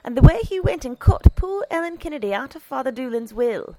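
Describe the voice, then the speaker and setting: A woman reading aloud and voicing a fussy, quarrelsome female parish housekeeper in a high, complaining tone. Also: animated, fairly quick, mellow.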